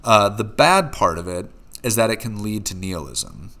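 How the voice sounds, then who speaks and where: A middle-aged man with a low voice gives a philosophy lecture. He talks unscripted, his sentences broken by frequent uh and um fillers. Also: very animated, moderate pace, gravelly, a bit bright. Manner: unscripted, many uh and um fillers, reads quotes with rising emphasis.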